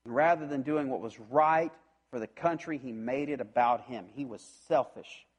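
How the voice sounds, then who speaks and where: A man preaching a sermon, retelling a scripture story in an animated way and acting out the voices of its characters. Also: mid-range voice, normal speed, breathy edge, dull audio. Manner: animated storytelling, acts out voices, frequent restarts. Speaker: pastor.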